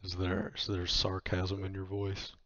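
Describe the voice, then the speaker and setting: A man's voice: sits low, completely flat delivery, unhurried, sharp tone, dry recording. A man narrating a tabletop game as game master, hesitant and full of fillers, on a dull, dry, lo-fi recording.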